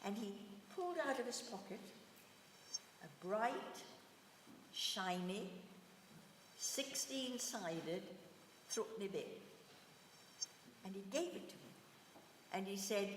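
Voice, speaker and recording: An older woman giving a personal testimony talk in a synagogue, with measured, gentle, reflective storytelling. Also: medium pitch, very animated, a little hiss or hum. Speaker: guest speaker. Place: synagogue hall. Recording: echoey hall, voice from far off.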